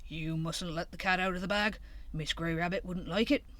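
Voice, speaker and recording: A woman's voice: lowish voice, fairly even intonation, normal speed, fairly bright tone, close to an everyday voice. A woman voicing a weary, motherly old countrywoman hedgehog in a storybook, with homely rustic speech. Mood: chiding.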